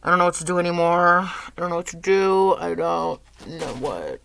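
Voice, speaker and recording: A young woman vlogging at home, low and teary, rambling with lots of "like". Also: normal speed, gravelly, fairly bright tone, slight background noise. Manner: rambling, says "like" often. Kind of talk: casual confessional vlog.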